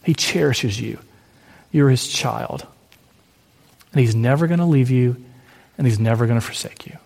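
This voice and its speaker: Gentle preacher in a reverberant hall. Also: male voice, mid-range voice, moderate pace, gravelly. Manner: gentle, encouraging, repetitive lists. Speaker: pastor. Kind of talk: sermon with closing prayer.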